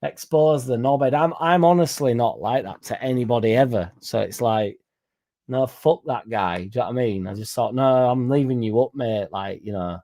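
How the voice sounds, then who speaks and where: A man's voice: medium pitch, animated, brisk, few pauses, mellow. A young man telling a rambling, sweary story to his livestream viewers in a blunt, casual way. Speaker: football fan streamer.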